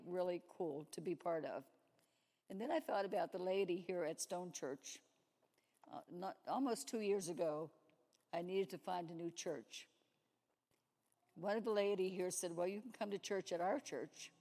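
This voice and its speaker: Long reverb from the church hall surrounds a warm, lowish female voice. She is a lay speaker offering a sermon-style testimony in the sanctuary, narrating stories and performing the conversations within them.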